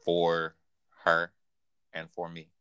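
Deep-voiced man in lively casual chat. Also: takes it slowly, smooth, no room sound, dull audio. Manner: animated, laughs often, quotes characters in raised voice. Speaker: podcast co-host. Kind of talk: casual anime recap chat.

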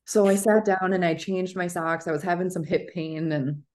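A woman with a deep, low-pitched voice co-hosts a casual podcast. She tells stories in an easygoing, animated way, full of filler words. She sounds like someone in her thirties talking with a friend. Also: normal speed. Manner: animated storytelling, chatty, with fillers. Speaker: podcast co-host. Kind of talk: casual chat.

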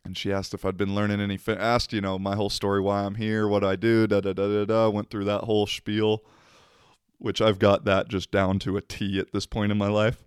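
A man's voice: lowish voice, little pitch movement, fairly quick, clean tone, no echo, studio quality. A man talking casually to the camera, telling a rambling story, laughing often and swearing offhandedly.

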